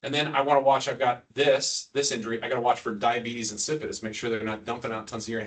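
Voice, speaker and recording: A man's voice: mid-range voice, steady tone, fast, a bit bright, recorded from a distance. A man, a neurosurgeon, giving an informal teaching lecture to ICU staff, quizzing the room and joking as he goes. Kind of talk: casual teaching lecture with quiz questions.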